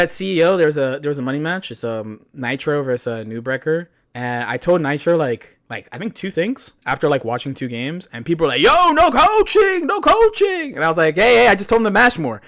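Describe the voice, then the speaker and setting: A man streaming, telling stories in animated, profane casual chat with frequent laughs. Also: mid-range voice, fairly quick. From United States. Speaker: streamer reacting to a video.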